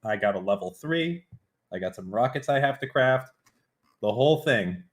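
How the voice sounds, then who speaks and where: A man chatting on a live stream, brash and profane. He makes playful mock threats. His voice sits at an ordinary middle pitch. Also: lively intonation, moderate pace. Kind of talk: casual live-stream chat.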